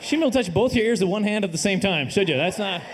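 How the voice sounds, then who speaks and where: Middle-aged Canadian stand-up, dry self-deprecating wit, high-pitched voice, faint room hum behind. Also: male voice, animated, very fast. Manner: dry, self-deprecating delivery with sudden loud put-on voices. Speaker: stand-up comedian. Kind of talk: live stand-up comedy set. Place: comedy stage before a live audience.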